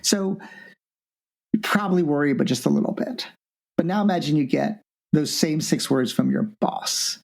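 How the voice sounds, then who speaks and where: A business professor appearing as a guest on an interview podcast tells stories animatedly, acting out the people he quotes with big leaps in his voice. His voice is on the high side and creaky, at a moderate pace.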